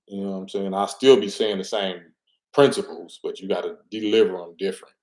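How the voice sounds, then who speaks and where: A man's voice: sits low, fairly even intonation, a little fast, a little mellow. A middle-aged man giving an emphatic, preachy street-talk monologue and repeating his words as he commentates. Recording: roomy echo.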